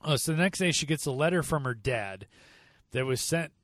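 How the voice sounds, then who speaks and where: A man co-hosting a casual movie review podcast, animated and fond of acting out scenes in put-on voices. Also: a little high, brisk, no room sound. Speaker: podcast co-host.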